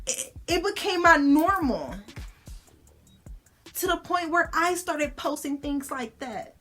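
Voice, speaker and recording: A woman's voice: high voice, a bit bright. A young woman vlogger, talking casually and bluntly to camera, slangy and cussing freely. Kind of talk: casual motivational talk to camera.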